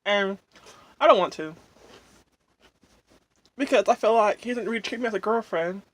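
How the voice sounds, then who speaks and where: She's a mukbang vlogger eating on camera and chatting casually at a normal speed, her pitch sitting in the middle. Lots of rambling, some venting, frequent fillers, and satisfied hums come between bites.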